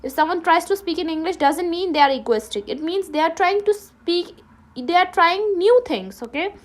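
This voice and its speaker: High pitched ladakhi teacher lady in a classroom, keeps saying okay?, lots of restarts and self-fixes. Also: expressive, moderate pace. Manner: repeats "okay?" after nearly every sentence; many restarts and self-corrections. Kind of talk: classroom lesson.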